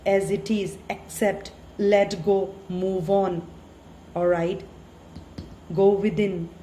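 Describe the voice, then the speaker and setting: A woman talks through a spiritual tarot reading in a mellow, warm voice, earnest and gently pleading. She leans on "you know" as she goes. The recording is roomy and echoey, with a faint ambient hiss behind her. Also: mid-range voice. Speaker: tarot reader.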